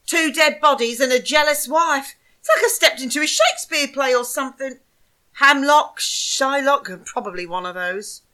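A woman's voice: high voice, moderate pace, sharp tone. A woman voicing a scheming young mistress who is flustered, rambling and self-pitying, in an amateur audio drama. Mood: sarcastic.

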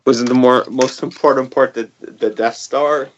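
A man's voice: mid-range voice, steady tone, measured pace, slight background noise. A man guesting on a podcast in casual chat, eager and stumbling over restarts. The sound is dry and lo-fi.

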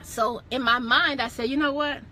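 A woman's voice: sits high, fairly even intonation, moderate pace, sharp tone, a little hiss or hum. A young woman hosting a podcast, telling a candid faith testimony in a casual chat, laughing often and stopping to correct and backtrack. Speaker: podcast host.

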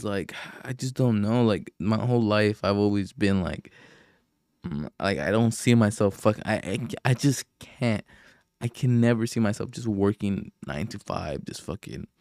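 A man's voice: on the low side, a little slow, a little mellow, dry recording, clean studio sound. A young man hosting a podcast, rambling in a casual rant full of profanity, sighs and fillers. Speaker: podcast host.

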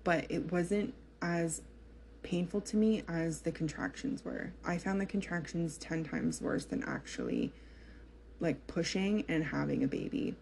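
A woman's voice: lowish voice, sing-song, a little slow, gravelly, darkish tone, a little hiss or hum. A young woman telling a personal story to her viewers in a chatty, candid way, with lots of fillers and laughter. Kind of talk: casual storytelling to camera.

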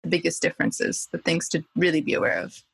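Woman host with a lowish voice, curious interviewer who laughs easily. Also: fast talker, vocal fry, slightly rough, rough recording. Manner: curious, laughs often, rephrases questions. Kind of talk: casual interview.

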